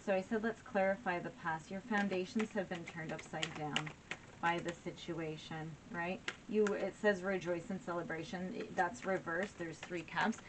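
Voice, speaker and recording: A woman's voice: fairly low pitch, background noise. A woman giving a casual tarot reading to her viewers, encouraging and frequently asking "right?" and "okay?". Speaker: tarot reader.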